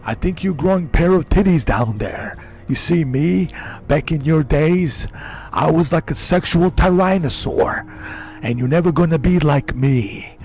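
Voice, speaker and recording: A man doing an impression of a boastful, macho older ex-governor who brags slowly and taunts his listener. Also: fairly high pitch, a little mellow, soft background music. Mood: boastful taunting. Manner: slow, swaggering macho bragging.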